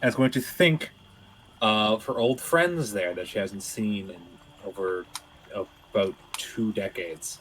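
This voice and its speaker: A man from Canada playing a tabletop game, rambling and halting, with casual swearing. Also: on the low side, a bit bright, slight background noise, low-quality recording. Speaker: player.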